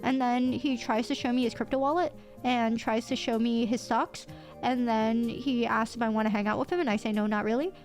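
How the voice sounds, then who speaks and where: A woman livestreamer telling a story to her chat in an animated way, swearing casually and breaking into laughter. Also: a little high, soft background music. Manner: excitable, swears casually, quick bursts of laughter.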